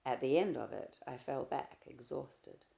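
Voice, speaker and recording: A woman narrating a novel in the first person, measured and expressive. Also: rumbling low, vocal fry. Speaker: audiobook reader. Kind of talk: literary audiobook narration.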